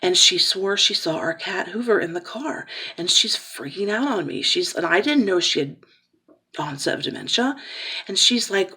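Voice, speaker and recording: A woman's voice: fairly low pitch, lively intonation, moderate pace, pushed and bright, husky. A woman in her forties from Ohio speaking candidly and emotionally in a personal vlog, rambling with fillers and restarts. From Cincinnati, Ohio. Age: 40s. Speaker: vlogger, caregiver daughter.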